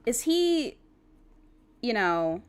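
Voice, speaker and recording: A woman streaming a game into a desk microphone, excitable and giggly, rambling with many restarts. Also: on the high side, extremely slow, clean tone. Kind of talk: casual game let's-play.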